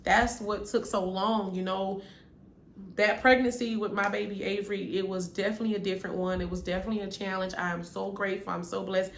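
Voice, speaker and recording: A woman's voice: mid-range voice, level tone, brisk. A young woman talks straight to her viewers in a casual story-time vlog. She is earnest and keeps repeating key phrases for emphasis. Her mid-range voice sounds through a roomy, echoing space with a faint hum behind it. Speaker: vlogger. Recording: echoey room with faint background hum.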